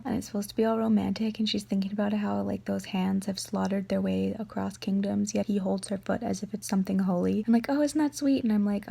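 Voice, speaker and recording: A woman's voice: mid-range voice, creaky, warm tone, breathy edge. A young woman in her bedroom, chatting emotionally and gushing about a book she is reading, with lots of filler words. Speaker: book vlogger. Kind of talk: casual reading vlog.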